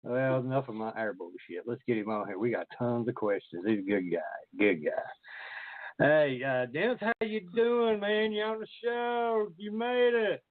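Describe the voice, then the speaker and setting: A man's voice: mid-range voice, animated, unhurried, no echo. A man hosting a call-in paranormal radio show, joking, profane and laughing often. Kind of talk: casual talk radio chat. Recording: tinny phone-line call-in audio.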